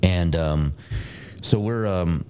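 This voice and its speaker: Middle-aged male guest with a very low voice, casual rambling storyteller, peppers talk with fillers and curses. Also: slow, darkish tone, smooth. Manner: rambling, many fillers and tags, swears, laughs often. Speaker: guest, military veteran.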